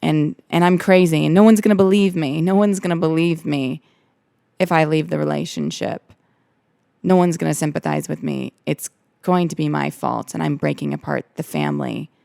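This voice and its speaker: Young woman podcast host, low voice with vocal fry, earnest personal storytelling, dry close sound. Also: darkish tone, no room sound. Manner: earnest, candid, repeats herself for emphasis.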